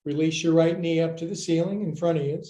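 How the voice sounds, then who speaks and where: A man's voice: a little high, fairly even intonation, fast talker, mellow. An older man teaching a live-streamed yoga class, giving upbeat, playful cues and counting through poses, sometimes out of breath. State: out of breath at times.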